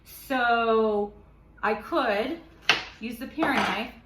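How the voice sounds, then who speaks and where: A woman's voice: on the high side, extremely slow, echoey room, background noise. A woman teaching a cooking lesson in a kitchen, explaining each step patiently and slipping in playful asides. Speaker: cooking instructor. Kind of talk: kitchen demonstration.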